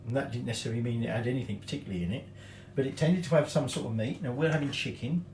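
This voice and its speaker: A man's voice: medium pitch, racing, background noise. Chatty man in a roomy kitchen. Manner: joking asides, self-mocking. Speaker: cooking show host. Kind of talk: chatty cooking tutorial.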